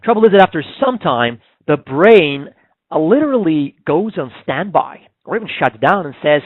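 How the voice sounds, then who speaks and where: A man's voice: on the high side, very animated, normal speed, no room sound. Man coaching over tinny webinar audio. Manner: conversational, many fillers and restarts. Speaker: public speaking coach. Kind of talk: webinar presentation. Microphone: webinar call microphone. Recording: dry, phone-like webinar audio.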